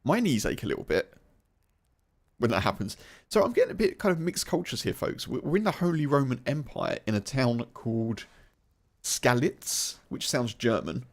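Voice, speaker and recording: A man in his forties from England comments casually on a game, musing aloud and often restarting his sentences. His voice has a gravelly edge and swings lively in pitch. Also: moderate pace. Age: 40s. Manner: musing, chatty, with hesitant restarts. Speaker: gaming YouTuber.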